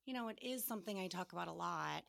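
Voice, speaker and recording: A woman co-hosting a podcast, a grief therapist speaking candidly in an earnest, halting, emotional way. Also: fairly low pitch, expressive, gravelly, a bit bright.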